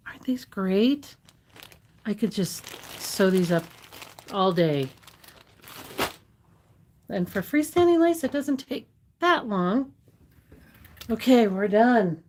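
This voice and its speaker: A woman's voice: mid-range voice, measured pace, long pauses, darkish tone, slight background noise. A woman hosting a casual live sewing demo from a sewing shop, chatting admiringly and answering viewers by name. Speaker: sewing shop livestream host.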